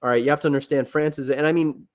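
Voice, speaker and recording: A man with a higher, steady voice talks very fast as a podcast guest in casual conversation. He rambles enthusiastically about history and a novel, often restarting sentences and filling gaps with "like" and "you know."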